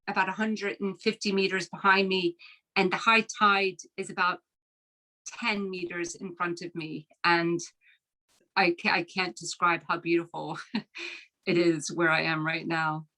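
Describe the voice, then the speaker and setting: A woman's voice: fairly low pitch, sharp tone, low-quality recording. A woman in her fifties with an American accent and an Irish lilt, chatting as an author guest over a video call. She laughs often and restarts her sentences. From Philadelphia, USA. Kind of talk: casual interview chat. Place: at home on the Irish coast.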